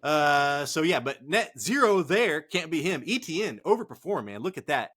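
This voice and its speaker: A man hosting a sports podcast, talking in an excitable, casual way, swearing often and calling listeners "dude" and "man". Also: on the high side, moderate pace. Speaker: podcast host.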